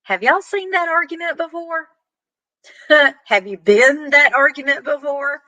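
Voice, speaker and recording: A woman's voice: high-pitched, animated, unhurried, pushed and bright, no room sound, poor audio. A woman giving earnest, plain-spoken relationship advice, acting out example conversations. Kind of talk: direct-to-camera advice talk.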